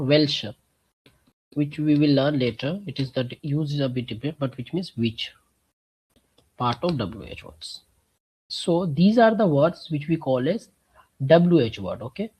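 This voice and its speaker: Slow husky guy teaching german on a video call, explains step by step, keeps clearing his throat. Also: fairly high pitch, a little mellow, poor audio. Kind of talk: online language lesson.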